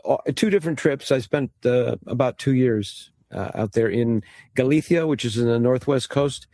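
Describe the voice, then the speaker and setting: A man's voice: medium pitch, normal speed, dark tone, no echo. An American man, a guest impressionist, telling wry stories in a casual podcast interview. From United States. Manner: wry, storytelling, restarts often.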